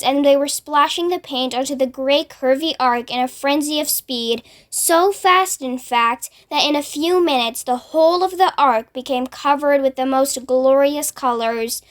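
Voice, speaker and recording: A woman reading a children's book aloud in an expressive storytelling manner. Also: sits high.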